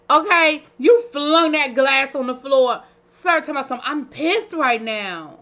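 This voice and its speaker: A reality TV reviewer gives a casual recap of a show, chatty and sassy with playful asides. Her high-pitched voice is bright and forceful, though the recording sounds a bit dull and lo-fi.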